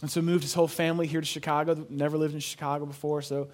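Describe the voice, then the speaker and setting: A pastor preaching a sermon in an earnest, conversational way, telling a story and repeating phrases for emphasis. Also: male voice, a little high, flat delivery, racing. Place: church.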